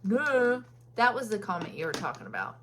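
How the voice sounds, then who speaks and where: A woman's voice: mid-range voice, very animated, normal speed, a bit bright, a little hiss or hum. A woman from Kentucky with a Southern accent, hosting a casual makeup live stream and chatting with viewers by name between many ums.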